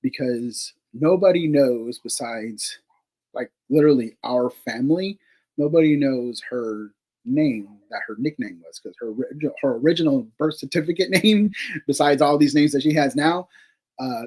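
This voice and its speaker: A man's voice: medium pitch, normal speed, darkish tone, poor audio. A man, a paranormal investigator, telling a story casually, with many fillers, casual swearing and laughs between remarks.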